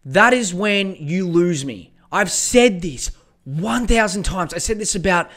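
Gravelly young podcaster. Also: male voice, sits high, expressive, a little slow, a bit bright. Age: young adult. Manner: profane, rambling and blunt. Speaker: podcast host. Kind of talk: solo podcast rant.

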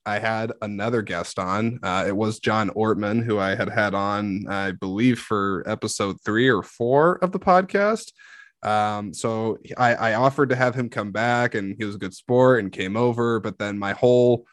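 A man's voice: on the low side, normal speed, no room sound, studio quality. A man hosting a podcast in casual chat, joking and self-deprecating as he rambles. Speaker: podcast host. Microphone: studio microphone.

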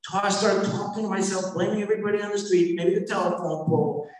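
Middle aged guy sharing his recovery story, blunt and rambly, high voice, big echo from across the hall. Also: fairly even intonation, fast talker. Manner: blunt, rambling and emotional, with frequent restarts. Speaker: speaker sharing at a recovery meeting. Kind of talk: personal recovery testimony. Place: meeting hall. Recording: very echoey hall, from far off.

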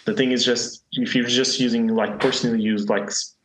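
A man's voice: mid-range voice, little pitch movement, normal speed, a bit bright, reverberant, a little hiss or hum, low-quality recording. A Portuguese man with a Portuguese accent, a podcast guest in casual chat, hesitant and hedging with many fillers.

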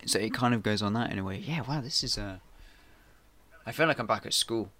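A man's voice: fairly low pitch, brisk, pushed and bright, slight background noise. A man co-hosting a podcast, rambling casually with many fillers. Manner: rambling, laughs often. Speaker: podcast co-host. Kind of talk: casual chat.

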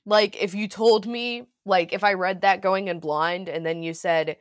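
A woman's voice: medium pitch, steady tone, unhurried, no echo, clean studio sound. A young woman co-hosting a podcast, talking casually with lots of "like" and frequent laughter. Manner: rambling, lots of "like", laughs often. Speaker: podcast co-host. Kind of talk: casual chat.

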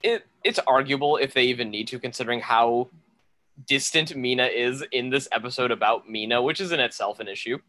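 A man's voice: medium pitch, brisk, bright, forceful tone. A man co-hosting a podcast recap, dropping wry, dry remarks in casual chat. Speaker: podcast co-host.

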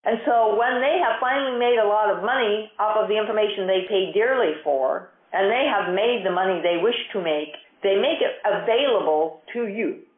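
A woman's voice: medium pitch, moderate pace, hardly any pauses. A woman market educator giving an earnest, emphatic storytelling talk. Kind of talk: recorded talk on investing. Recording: tinny phone-like sound, echoey room.

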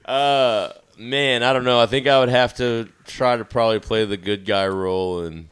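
A man on a podcast, telling stories in a casual, animated way, swearing freely and acting out his own panic. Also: medium pitch, moderate pace, clear, resonant tone. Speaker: podcast guest. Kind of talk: casual storytelling chat.

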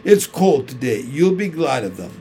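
A man's voice: mid-range voice, big pitch swings, moderate pace, warm tone, slight background noise. A man reading a storybook aloud voices a prim, haughty nanny who talks in a clipped, snappish way. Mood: gruff.

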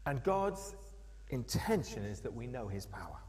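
A man's voice: mid-range voice, normal speed. Man preaching in an echoing church. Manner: animated storytelling, acting out quoted voices. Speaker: pastor. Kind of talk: sermon. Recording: long echo of a church hall.

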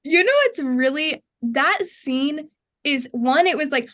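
A young woman in expressive, emotional casual chat with friends. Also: high voice, slow.

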